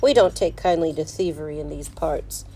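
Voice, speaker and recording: A man's voice: a little high, moderate pace, a little mellow, a little hiss or hum, natural voice, low-quality recording. A woman reading aloud voices a boisterous bearded gold-rush miner who talks in a chatty, folksy backwoods way. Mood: gruff folksy.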